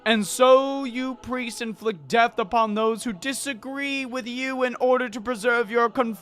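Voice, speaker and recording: A woman voicing an arrogant young male tyrant, speaking in a lowered, measured, menacing voice. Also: a bit bright, faint music behind. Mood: lecturing.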